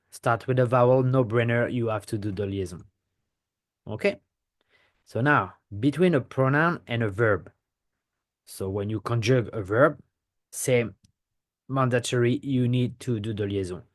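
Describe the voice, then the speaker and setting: A French teacher from France gives a pronunciation lesson to the camera in a medium-pitched voice at normal speed. He explains things step by step and often checks in by asking "okay?"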